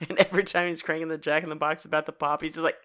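A man's voice: on the high side, little pitch movement, very fast, bright, forceful tone, clean tone, dry recording, studio quality. A man co-hosting a podcast, chatting casually and animatedly, laughing often. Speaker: podcast co-host. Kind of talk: casual chat.

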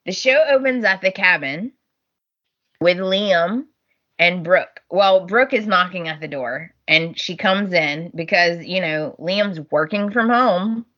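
A woman's voice: on the low side, takes it slowly. A woman co-hosting a podcast, chatting casually and acting out scenes with lots of laughter. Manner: animated, laughs often, acts out characters' lines. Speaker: podcast co-host. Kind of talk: casual chat recapping a soap opera. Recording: dull lo-fi audio.

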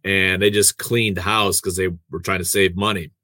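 Radio man, lowish voice, dry close mic, chatty self-deprecating storyteller. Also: level tone, moderate pace, bright, forceful tone, no echo. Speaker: radio host and producer. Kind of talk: casual conversational storytelling.

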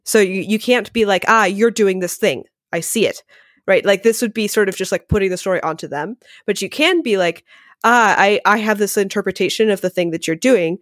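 Woman, podcast guest, quick animated delivery, mid pitch, filler-heavy casual talk. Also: no room sound, clean studio sound. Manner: rapid and animated, heavy use of "like". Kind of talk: casual conversational interview.

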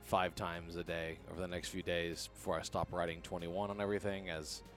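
A man hosting a casual podcast, talking in a rambling, joking way. His voice sits fairly low, and he keeps stopping to restart his sentences. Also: flat delivery, brisk, faint music behind. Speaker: podcast host.

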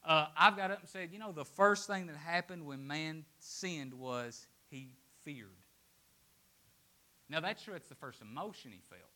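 A man preaches a sermon with a bright, slightly high voice. He swings between loud, emphatic declarations and hushed, almost whispered lines. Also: a little slow.

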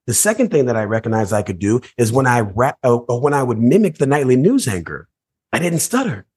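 A man, a motivational speaker, telling his life story as a podcast guest, animated and acting out voices and scenes. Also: medium pitch, brisk, slightly rough.

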